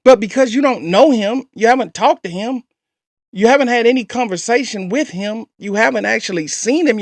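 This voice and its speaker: A man's voice: high voice, no room sound. A man hosting a reaction show, giving casual, skeptical commentary and repeating his points for emphasis. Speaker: host reacting to a clip.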